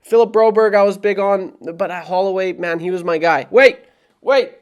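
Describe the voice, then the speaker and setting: A young Canadian man who makes hockey vlogs and works as a radio producer rants casually to the camera, animated and frustrated and repeating himself a lot. His voice is high-pitched, brisk, clear, and resonant, though the recording is lo-fi.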